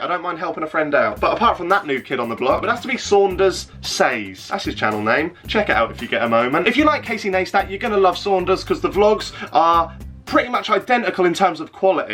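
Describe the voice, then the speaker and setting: A man's voice: sits high, a bit bright. Sweary, sarcastic young man. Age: 20s. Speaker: YouTuber. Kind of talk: casual vlog rant.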